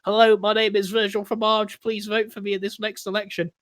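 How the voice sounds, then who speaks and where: Man playing a smug, pompous small-town mayor in a game, with a light, high voice, formal and condescending. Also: level tone, brisk, a bit bright, no echo. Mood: mock-polite. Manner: mock-polite, smugly formal. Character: pompous bigoted male British mayor character.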